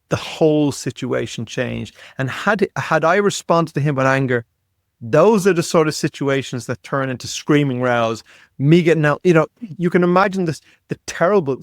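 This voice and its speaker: A man in his fifties, a podcast guest, telling a story in an animated way and often repeating words as he goes. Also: fairly high pitch, dry recording, clean studio sound. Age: 50s. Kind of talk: storytelling in conversation.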